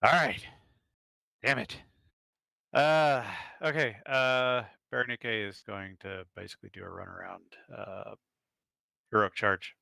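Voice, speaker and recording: A man's voice: on the low side, steady tone, unhurried, gravelly, long pauses, sharp tone, no room sound. A man playing in a tabletop game, questioning and arguing positions in a wry way. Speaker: player.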